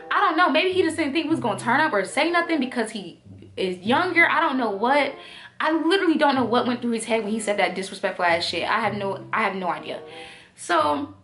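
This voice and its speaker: Young woman, storytime vlog, high voice, cussing and emphatic, faint music behind. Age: young adult. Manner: animated, profane, emphatic storytelling. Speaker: storytime vlogger.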